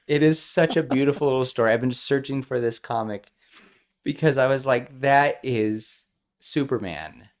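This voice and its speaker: A man's voice: mid-range voice, fairly even intonation, brisk. A young man co-hosting a podcast, talking earnestly and getting emotional in casual chat. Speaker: podcast co-host.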